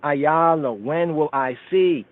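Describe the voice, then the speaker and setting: A man with a fairly high voice takes his time as he teaches scripture on a radio show, reciting Amharic and Hebrew verses and explaining each word. There's no room sound, though the audio carries a phone-line call-in radio quality.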